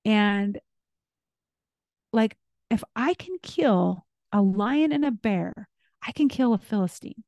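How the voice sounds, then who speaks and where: A woman's voice: mid-range voice, animated, slow, pauses often, a little mellow, no echo. A woman hosting a faith podcast, retelling scripture stories in a casual way with asides and fillers. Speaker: podcast host.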